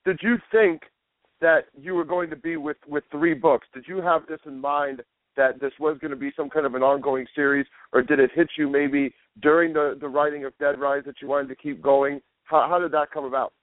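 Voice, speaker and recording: A man's voice: a little high, steady tone, moderate pace, no room sound. Guy interviewing over the phone, tinny dry line, kinda rambling questions. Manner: meandering, reformulating questions. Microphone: telephone.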